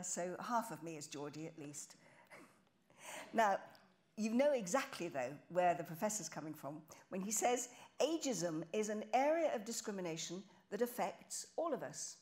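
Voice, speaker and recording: A woman in the middle of the usual pitch range hosts a public lecture. She introduces the speaker in a chatty way with some light teasing. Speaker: event host. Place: lecture hall.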